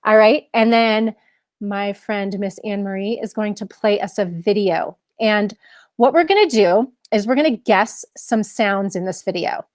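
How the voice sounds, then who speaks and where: A woman's voice: mid-range voice, unhurried, a little mellow, dry recording, clean studio sound. A woman leading a live online mindfulness lesson for children, encouraging them and asking many questions. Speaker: mindfulness teacher.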